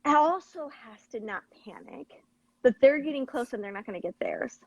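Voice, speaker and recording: A woman's voice: on the high side, animated, normal speed, dry recording, muffled recording. A woman host explaining techniques in an earnest, coaching tone. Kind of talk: conversational teaching.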